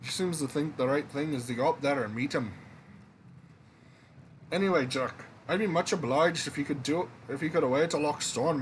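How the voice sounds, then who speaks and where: A man's voice: on the high side, a little hiss or hum, lightly acted. A man doing a blustering Scottish king. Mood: coaxing. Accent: put-on Scottish. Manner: theatrical, old-fashioned brogue. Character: blustering old king, a worried father.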